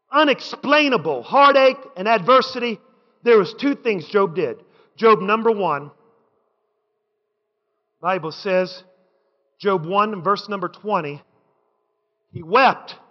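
A man preaching a sermon in a church, with rhythmic repetition that builds to shouted lines. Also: high voice. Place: church sanctuary. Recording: dull sound with long hall reverb.

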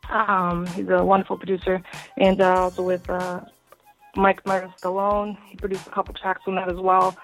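A woman's voice: on the low side, completely flat delivery, normal speed, faint music behind. A woman from Boston who is an R&B singer and songwriter, answering radio interview questions in a friendly way with frequent ums. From Boston, Massachusetts.

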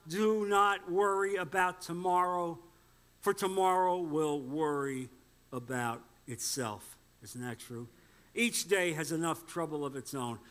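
A man's voice: high voice, a bit bright. A man preaching a sermon, emphatic and direct, quoting scripture and putting questions to the congregation. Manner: emphatic, repeats points and asks the congregation questions; quotes scripture aloud. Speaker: pastor.

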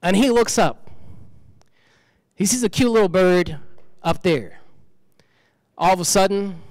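A man's voice: sits high, animated, a little slow, pauses often, darkish tone, no echo, in a large hall. A man preaching a sermon in a conversational way, repeating key phrases for emphasis.

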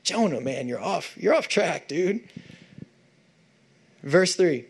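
A male pastor preaching a sermon, animated and conversational, with frequent asides to the congregation. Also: fairly high pitch, slow, creaky, slightly rough.

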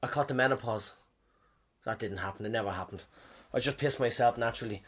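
A man's voice: medium pitch, quick pace, a bit bright. A man in his thirties, a comedian with a head cold, telling a rambling comic monologue with lots of swearing and lost threads.

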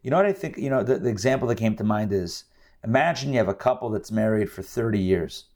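A man's voice: on the low side, animated, fast, darkish tone. A man teaching a scripture lesson in an emphatic, conversational storytelling manner. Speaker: Bible teacher.

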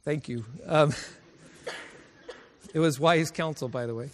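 A man's voice: fairly high pitch, slow pace. A middle-aged male preacher telling personal stories in a sermon, emotional and laughing often as he goes. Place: college chapel. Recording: chapel recording with long reverb.

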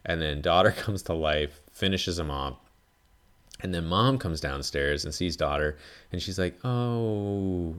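A man with a deep, low voice talks through a film in a loose, rambling monologue. He leans on "like" constantly and swears freely as he goes. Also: normal speed, a bit bright. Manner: rambling, heavy use of "like", frequent swearing. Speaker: podcast host. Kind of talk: casual film review monologue.

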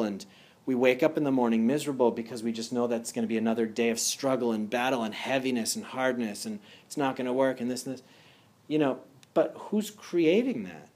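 Brief: male energy healer, mid-pitched, earnest casual talk, leans on rhetorical questions and "you know". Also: darkish tone. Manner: earnest, asks rhetorical questions, many fillers.

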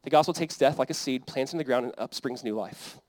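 Earnest young pastor preaching. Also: male voice, mid-range voice, a little fast, a little mellow, dry recording. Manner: earnest, conversational preaching with rising emphasis. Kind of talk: sermon.

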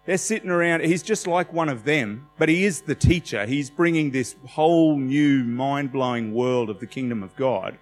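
A man preaching a conversational sermon, animated and laughing often as he talks. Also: mid-range voice, normal speed, hardly any pauses. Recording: hall reverb with faint music.

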